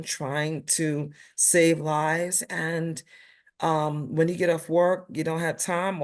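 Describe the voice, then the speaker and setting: A woman from Brooklyn with a clear New York accent talks about health policy as an interview guest. She is emphatic and animated, with a slightly low voice. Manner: animated, emphatic storyteller with a playful streak. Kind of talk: panel interview conversation.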